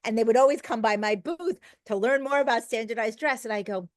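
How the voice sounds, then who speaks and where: A woman's voice: fairly high pitch, fairly quick, no echo. Talkative, emphatic middle-aged woman. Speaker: podcast guest. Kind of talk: conversational interview.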